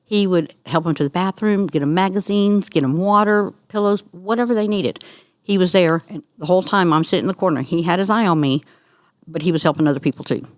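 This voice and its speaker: A middle-aged woman, a guest on an interview, telling her story in an earnest, animated way. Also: on the low side, a little fast, no room sound, studio quality. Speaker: guest, cancer survivor. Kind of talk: conversational interview.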